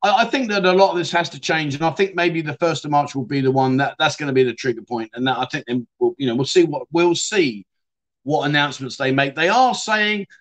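A middle-aged Englishman with a Yorkshire accent hosts a livestream, chatting casually and reading out viewer comments with a fairly high voice. He calls people "mate" and "my friend" and often trails off softly.

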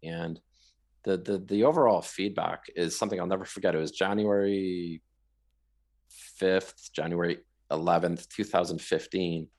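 A man from Canada, a guest in an interview, telling his story in a rambling, animated way, often repeating words. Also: low-pitched, moderate pace.

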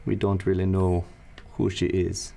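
Slow, gravelly-voiced man running a game. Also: deep voice, monotone, dark tone. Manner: measured, deliberate. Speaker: game master. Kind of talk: narrating and voicing a tabletop game.

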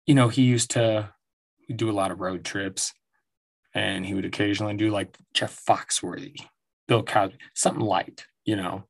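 A man's voice: on the low side, fairly even intonation, normal speed, gravelly. A man in his forties hosting his own show, telling stories in a rambling, profane monologue and laughing often. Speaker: podcast host. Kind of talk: casual monologue. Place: at home.

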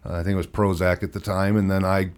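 Deep-voiced middle-aged man telling his story. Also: little pitch movement, smooth. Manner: frank, halting, chuckles wryly through hard memories. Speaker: interview guest. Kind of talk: candid personal storytelling.

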